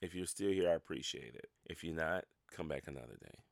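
A man's voice: very deep voice, lively intonation, quick pace, vocal fry, no echo, studio quality. A man hosting a casual solo podcast, rambling and self-mocking, laughing at his own stories. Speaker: podcast host.

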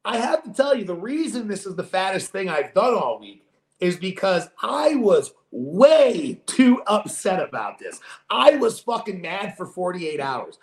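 A man co-hosting a podcast, telling a story in casual chat with a lively, profane manner. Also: high-pitched, unhurried, reverberant. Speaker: podcast co-host.

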